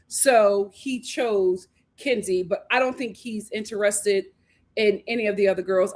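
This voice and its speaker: A woman hosting a casual live recap of a reality show, talking animatedly and acting out the cast's lines. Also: mid-range voice. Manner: animated, acts out quotes, laughs often. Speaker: host reviewing a reality show.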